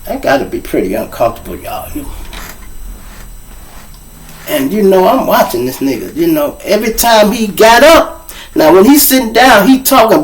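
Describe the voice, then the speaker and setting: A man's voice: sits high, moderate pace, a little hiss or hum, poor audio. A man with a Chicago accent, hosting his show and telling profane comic stories, acting out the other people's voices. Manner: profane, animated, acts out voices. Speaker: show host. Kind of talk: comic storytelling.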